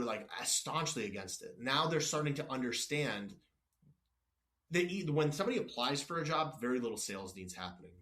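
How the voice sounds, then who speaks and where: A man's voice: mid-range voice, a bit bright. A man guest on a podcast, telling workplace stories in a blunt, no-nonsense way, acting out back-and-forth exchanges, with frequent restarts. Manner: frequent restarts and apologies, wanders off topic. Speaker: company executive guest. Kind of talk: casual podcast interview.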